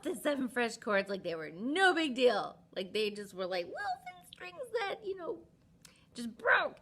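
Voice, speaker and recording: A woman's voice: fairly high pitch, moderate pace. A woman Sunday school teacher retelling a Bible story to children in a chatty, casual way, full of "like" and "um". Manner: chatty, animated, lots of "like" and "um".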